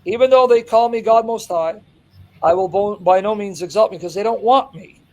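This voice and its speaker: Man, higher-pitched, emphatic Bible teacher who drives each point home. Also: moderate pace, a little mellow, poor audio. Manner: emphatic, reading scripture aloud and driving points home. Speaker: Christian apologist. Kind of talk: impassioned Bible exposition.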